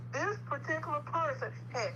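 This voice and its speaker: A woman's voice: high voice, animated, moderate pace. A woman chatting casually on a livestream, telling a long story in a firm, insistent way. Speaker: livestream co-host. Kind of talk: casual chat. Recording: dull lo-fi sound with clear noise.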